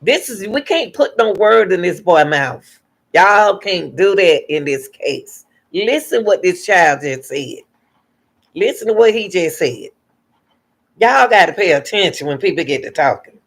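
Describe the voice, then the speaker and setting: A woman's voice: fairly low pitch, lively intonation, measured pace, vocal fry. A woman hosting a reaction channel, giving emphatic commentary and repeating her points to her viewers.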